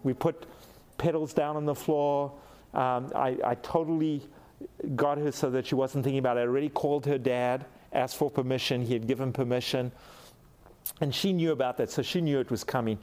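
A middle-aged African pastor delivers a sermon in a mid-range, darkish voice with fairly even intonation and a moderate pace. He tells a personal story with animation, acting out the quoted lines.

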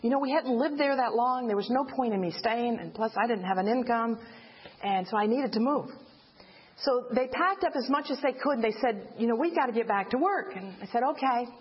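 A woman giving an earnest personal faith testimony as a widow, telling her story plainly and rising in pitch when she relives her cries. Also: fairly quick, breathy edge. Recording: dull lo-fi recording.

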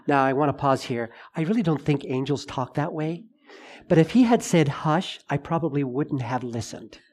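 Animated middle-aged male preacher. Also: on the high side, normal speed. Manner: animated storyteller, acts out dialogue. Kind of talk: sermon with personal storytelling.

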